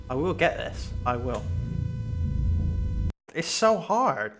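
A man streaming a horror game, excitable and panicky, yelping and laughing at what happens on screen. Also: mid-range voice, drawn-out words, creaky. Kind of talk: live gameplay commentary. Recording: game music loud behind voice.

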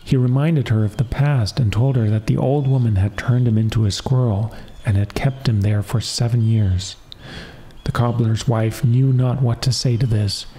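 A man calmly reading a fairy tale as a soft-spoken bedtime story. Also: mid-range voice.

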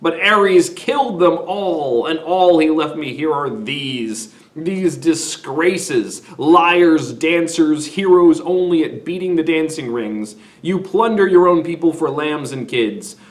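A man doing a raging old king, shouting. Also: fairly high pitch, takes it slowly, recorded from a distance, pitched above the performer's own voice. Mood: ranting. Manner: shouting, ranting. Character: old grieving king, raging at his sons.

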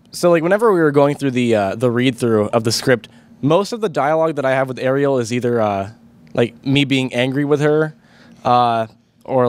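A teenage boy, a high school actor, answering questions in a rambling way with many fillers. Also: no room sound. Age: teens. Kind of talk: casual interview answers.

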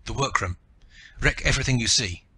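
A man's voice: mid-range voice, fairly quick, bright, forceful tone, a little hiss or hum, close to an everyday voice. A man voicing a driven, hot-tempered father who barks urgent, clipped commands in an audiobook.

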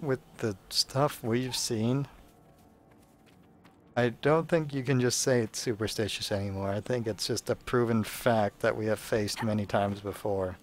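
A man giving casual, sarcastic, rambling commentary while playing a video game. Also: fairly low pitch. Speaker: let's play host.

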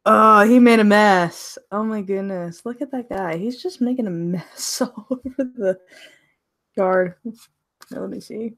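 A woman's voice: medium pitch, unhurried, a bit bright. A woman casually reviewing a tarot deck on a live stream, chatting and laughing often as she gushes over the cards.

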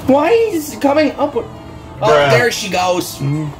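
A woman's voice: a little high, wildly swooping pitch, a little slow. A woman doing exasperated, rambling horror game commentary, with game music and barking dogs behind her. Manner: exasperated, frequent groans and "bruh". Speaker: gaming channel host.

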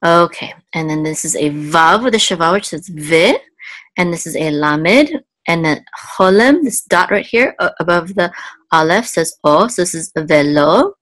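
A woman with a very low voice teaches biblical Hebrew, going word by word with patient, careful explanations. She pauses often with ums and restarts. The sound is dry and close, with no room echo.

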